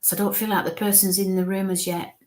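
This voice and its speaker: A woman medium gives a live reading in an average-pitched voice. She speaks in halting, restarting bits. She keeps slipping into soft, coaxing murmurs. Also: level tone.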